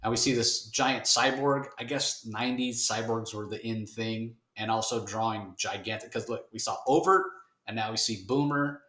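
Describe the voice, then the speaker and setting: A man's voice: on the low side, moderate pace, hardly any pauses, sharp tone. A man co-hosting a podcast, chatting casually and wryly as he reviews a comic, often restarting his sentences. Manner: rambling, wry, many restarts. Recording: roomy echo.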